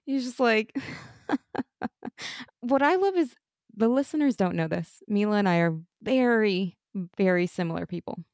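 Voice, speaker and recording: Lively American woman podcaster, dry sound. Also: mid-range voice, normal speed, dry recording. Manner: enthusiastic, laughs often, swears casually. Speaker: podcast co-host. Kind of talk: casual chat.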